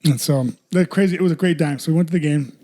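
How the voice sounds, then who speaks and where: A man's voice: fairly high pitch, quick pace. A man co-hosting a podcast, telling stories in casual chat, swearing freely and acting out what others said. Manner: animated, swears a lot, acts out quotes. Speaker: podcast co-host.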